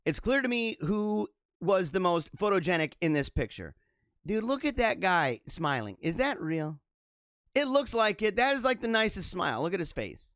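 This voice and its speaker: A man's voice: high-pitched, big pitch swings, normal speed, a bit bright, dry recording, studio quality. A young man hosting a casual livestream, reading viewer comments and rambling through laughing asides.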